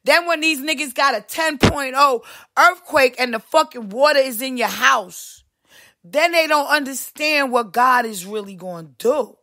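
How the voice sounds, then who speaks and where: A woman hosting a podcast, delivering a heated, profane ranting monologue with big swings in pitch. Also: unhurried, bright, forceful tone. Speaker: podcast host.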